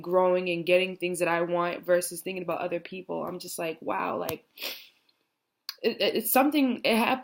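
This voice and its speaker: A young American woman talking reflectively in a personal vlog, rambling with many fillers like "you know" and "like". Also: on the low side. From United States. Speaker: vlogger. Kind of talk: heartfelt personal vlog talk.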